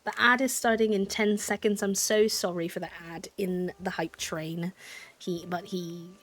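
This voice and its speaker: A young woman streaming a life-sim game, chatting casually and bubbly, thanking viewers and sometimes dropping to a soft whisper. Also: medium pitch, steady tone, unhurried, no echo. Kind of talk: casual live-stream chat while gaming.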